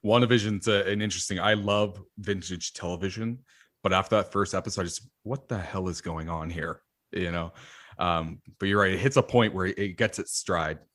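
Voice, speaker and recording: A male podcast host with a slightly low voice keeps things light and casual. He playfully throws quick-fire questions at his guest. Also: fairly bright tone. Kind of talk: casual interview chat.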